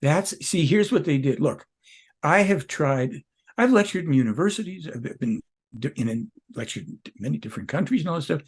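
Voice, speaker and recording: An older man talks as a guest in an interview, pressing his points hard and circling back to restart sentences. His voice sits a little high for a man and has a husky edge. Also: lively intonation, a little fast. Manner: emphatic, rambling, with self-corrections. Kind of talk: conversational interview.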